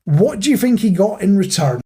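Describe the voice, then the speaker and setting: A man's voice: high-pitched, very animated, fairly quick, dark tone, slightly rough. A man co-hosting a podcast, telling jokey stories in casual chat. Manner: chatty, jokey storyteller. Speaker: podcast co-host.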